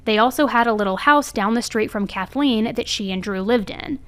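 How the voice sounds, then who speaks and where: Chatty high-voiced woman telling true crime. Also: normal speed. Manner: chatty, leaning on "right?" and "I mean". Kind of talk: conversational true crime narration.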